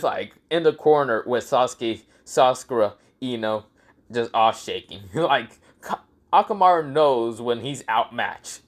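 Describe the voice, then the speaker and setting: A young man narrates an improvised story in a casual, rambling way, swearing freely and stumbling through fillers and corrections. His pitch is lively and moves around a lot as he talks. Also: unhurried. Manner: rambling, crude, full of fillers.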